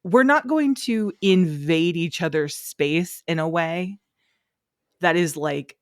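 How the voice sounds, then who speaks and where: A woman's voice: on the low side, takes it slowly, dry recording, studio quality. A woman co-hosting a casual podcast, teasing her co-host and giving firm, opinionated takes. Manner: wry, opinionated and dryly teasing. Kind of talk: casual chat.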